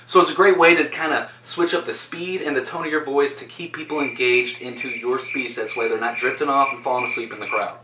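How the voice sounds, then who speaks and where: A man giving an instructional talk on presentation skills, speaking directly and shifting his loudness for emphasis. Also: medium pitch, fairly even intonation, a little fast, hardly any pauses, noisy background. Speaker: presentation coach. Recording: roomy sound from a distance.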